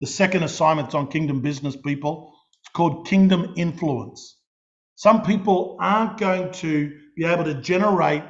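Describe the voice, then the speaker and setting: Gravelly Australian preacher, animated. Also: male voice, on the high side. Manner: animated storytelling with many quick restarts and repeated words. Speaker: pastor. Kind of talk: sermon. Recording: dull lo-fi recording.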